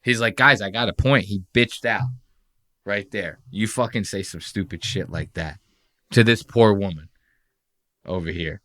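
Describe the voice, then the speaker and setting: Profane, animated male podcast host. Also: deep voice, unhurried, long pauses. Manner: profane, animated, mocking impressions. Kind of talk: casual commentary reacting to clips.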